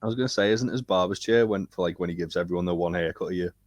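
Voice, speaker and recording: A man's voice: low voice, very fast, no echo. A man co-hosting a podcast, explaining things casually with many fillers. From England. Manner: explanatory, lots of "like". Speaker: podcast co-host. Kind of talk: casual chat.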